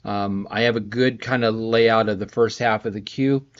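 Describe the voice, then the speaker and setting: A man's voice: lowish voice, fairly even intonation, normal speed. A middle-aged man, a composer on a casual live stream from his home production studio, chatting in a rambling, friendly way while sleepy and yawning. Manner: rambling, friendly, greets viewers by name. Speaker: composer streaming a scoring session. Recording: slightly dull lo-fi stream audio.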